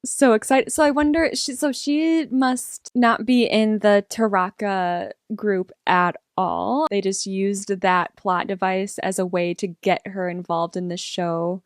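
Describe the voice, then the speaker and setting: A young woman reacting to a TV episode, excitable and rambling as she thinks out loud. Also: mid-range voice, measured pace, few pauses, no echo, studio quality. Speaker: reaction vlogger.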